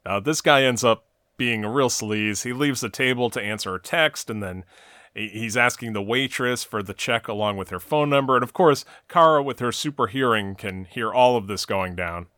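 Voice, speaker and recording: A man's voice: mid-range voice, normal speed, bright, forceful tone, no room sound, studio quality. A man co-hosting a casual talk show, recapping a TV episode scene by scene in long run-on sentences. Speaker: podcast co-host recapping a TV episode.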